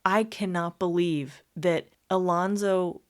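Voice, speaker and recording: A woman's voice: fairly low pitch, fairly even intonation, slow pace. A woman co-hosting a casual true-crime podcast, asking questions and chiming in. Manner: conversational, questioning, backchanneling. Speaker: podcast co-host.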